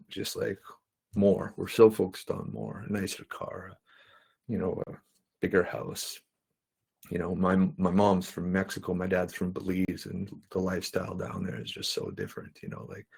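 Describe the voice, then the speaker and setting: A man with a low, gravelly and husky voice tells a personal story on a conference panel. He talks earnestly and conversationally, slipping into the voices of the people he quotes. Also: low-quality recording. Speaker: guest speaker.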